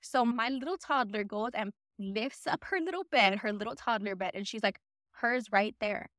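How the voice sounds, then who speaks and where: A woman's voice: on the high side, expressive, moderate pace, fairly bright tone, dry recording, studio quality. A woman telling her own ghost story in a chatty, casual way, acting out what people said. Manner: chatty, lots of "I'm like" quoting.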